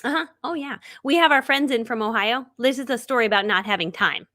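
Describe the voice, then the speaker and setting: A woman's voice: fairly high pitch, quick pace, pushed and bright. A middle-aged woman hosting a live stream, telling stories in a chatty way, laughing often and acting out what people said. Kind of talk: casual chatty storytelling.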